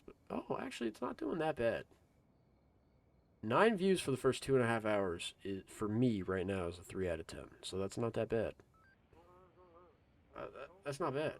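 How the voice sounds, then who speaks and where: With a medium-pitched voice on a dry recording, a man gives casual commentary during a live gaming stream, chatting loosely with viewers and cursing freely.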